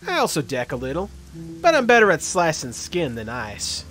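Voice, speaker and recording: A man's voice: fairly high pitch, wildly swooping pitch, moderate pace, fairly bright tone, soft background music, voice pushed up. A man voicing a chatty, cheerful male orc street surgeon in a video game, friendly and joking. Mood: eager.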